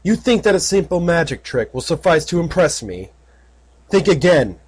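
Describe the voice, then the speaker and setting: A man's voice: fairly high pitch, very animated, normal speed, slight background noise, pitched above the performer's own voice. A man voicing an arrogant male corporate villain in a fan audiobook, condescending and cold. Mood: haughty. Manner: haughty, condescending.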